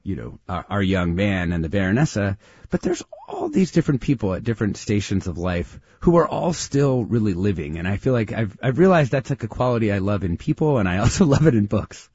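Radio host guy, husky low voice, talks thoughtful with lots of restarts, kinda muffled dry studio sound. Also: very animated, a little fast, a little mellow, no echo. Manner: thoughtful, hesitant, many restarts. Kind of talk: public radio interview.

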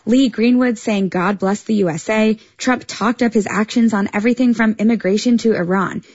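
A woman correspondent reading a radio news report in a measured, clear voice. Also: medium pitch, a little mellow, no echo, highs cut off.

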